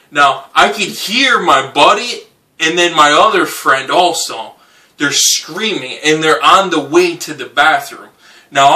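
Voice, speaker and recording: Young guy telling a wild story, bright voice, kinda far off the mic, keeps saying dude. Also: a little high. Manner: animated, swearing, says "right?" and "dude" often. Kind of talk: casual anecdote.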